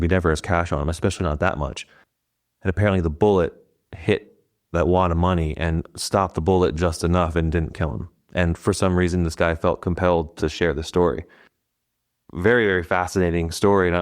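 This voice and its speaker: A man's voice: low-pitched, clear, resonant tone. A man hosting a podcast, retelling a story in a casual, rambling way. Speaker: podcast host. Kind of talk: podcast interview.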